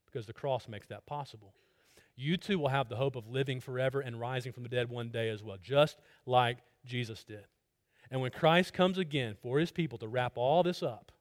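A man preaching an evangelistic sermon, at times loud and urgent, at times soft and pleading. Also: mid-range voice.

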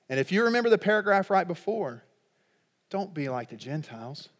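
Middle-aged man, high pitch, pastor preaching; chatty and humorous, with sudden emphatic outbursts. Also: long reverb tail. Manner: conversational, humorous, with sudden loud emphatic peaks. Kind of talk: sermon.

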